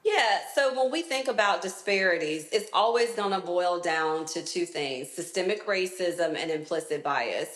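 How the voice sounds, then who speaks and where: A woman interviewed as a health expert, answering in a clear, deliberate, explanatory way. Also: on the low side, fairly bright tone, echoey room.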